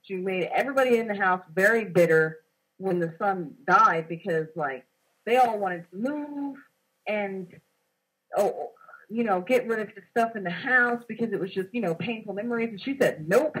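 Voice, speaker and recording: A young woman co-host describes a dream in casual conversation, telling it with animation and acting out the quoted lines. Her voice is medium-pitched and husky at a moderate pace, on a rough recording.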